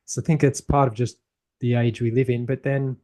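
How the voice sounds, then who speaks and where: With a mid-range, dark voice and a flat delivery, a podcast host speaks a little fast in casual conversation. He talks thoughtfully but wanders, often restarting his sentences.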